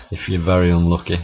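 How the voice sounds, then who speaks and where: A middle-aged man, telling stories in a chatty, laughing, swearing vlog monologue. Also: sits low. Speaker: vlogger. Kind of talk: casual storytelling monologue. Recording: dull lo-fi camera audio.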